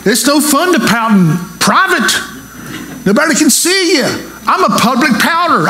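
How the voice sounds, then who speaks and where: Pastor, male, high voice, animated sermon delivery, quizzes the congregation, roomy church echo. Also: moderate pace, slight background noise. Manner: animated, asks the congregation questions.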